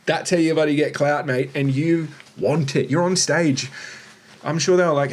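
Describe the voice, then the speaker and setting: A man's voice: a little high, fairly even intonation, normal speed. A man hosting a reaction video, giving sarcastic, profane, blunt commentary.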